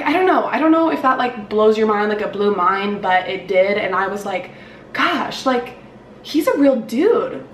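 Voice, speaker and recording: A woman's voice: medium pitch, recorded from a distance, a little hiss or hum. A young woman in her twenties telling a story on her vlog in a casual, upbeat way, with lots of "like" and fillers. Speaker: beauty vlogger. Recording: roomy echo, slightly off-mic, faint ambience.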